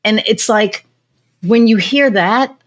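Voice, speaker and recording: A middle-aged woman hosting a podcast, telling stories in a lively, chatty way and acting out what others said. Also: a little high, slow. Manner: animated storytelling, acts out quoted voices. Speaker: podcast host. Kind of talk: casual chat.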